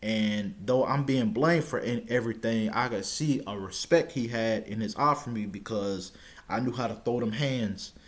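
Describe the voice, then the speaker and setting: A young man casually telling a personal story, stammering now and then and shouting out the lines he quotes. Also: on the low side, normal speed.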